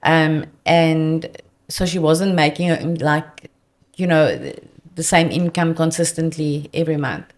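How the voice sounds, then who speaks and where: A South African woman, a debt counsellor guest, telling earnest, animated client stories in conversation. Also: low-pitched, unhurried. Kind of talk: conversational storytelling.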